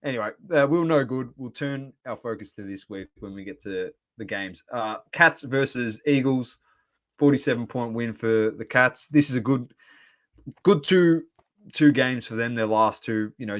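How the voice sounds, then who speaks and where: An Australian-accented podcast co-host rants about footy on a casual sports show, animated and laughing. He speaks at medium pitch and a normal speed.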